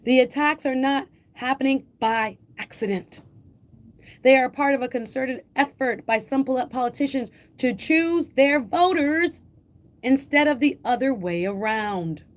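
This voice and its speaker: A woman host with a Jamaican accent, reading an editorial aloud and commenting on it, slowing down and lifting her voice on key phrases. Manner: emphatic, slows and lifts pitch on key phrases.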